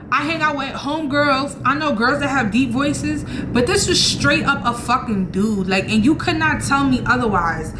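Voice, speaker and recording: A young woman telling a storytime vlog, animated and blunt, swearing freely and acting out her own quoted lines. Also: high voice. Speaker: channel host. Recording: echoey room with faint noise.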